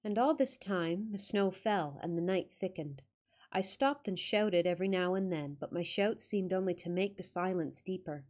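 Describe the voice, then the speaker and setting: A woman's voice: lowish voice, moderate pace, darkish tone. Woman reading a ghost story aloud. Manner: dramatic reading, wry joking asides. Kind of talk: storybook reading with casual asides.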